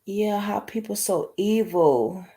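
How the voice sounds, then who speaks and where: Greeting viewers by name, this livestream host chats casually in an emotional, rambling way. She speaks slowly in a mellow, mid-range voice.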